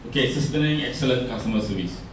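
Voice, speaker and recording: A man's voice: mid-range voice, fast, a little hiss or hum. Singaporean man speaking in an echoey room. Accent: Singaporean English. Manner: chatty, asks the audience questions. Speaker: workshop speaker. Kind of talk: workshop presentation. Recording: roomy echo, distant mic.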